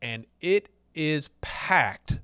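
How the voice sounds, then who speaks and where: A man's voice: on the high side, lively intonation, drawn-out words, pushed and bright, clear, resonant tone, dry recording. Southern man telling a story, dry sound. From Alabama, US. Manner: chatty, with frequent fillers and restarts. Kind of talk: casual storytelling.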